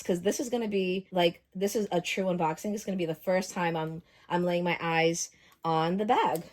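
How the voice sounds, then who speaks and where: A woman vlogger chatting casually through an unboxing, gushing and excitable. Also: fairly low pitch.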